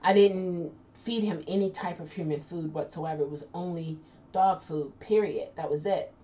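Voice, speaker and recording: A woman whose mellow voice sits on the low side hosts a casual live chat at a moderate pace, reading viewer comments. She talks loosely, laughs often, and trails into restarts, captured on a distant lo-fi mic with faint noise.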